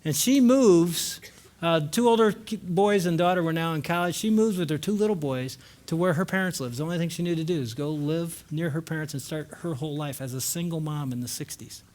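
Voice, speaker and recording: At a marriage conference, a man in his sixties with a fairly high voice shares a personal story with a live audience. He moves from lively and loud to hushed and slow at emotional moments, tossing wry asides to the crowd.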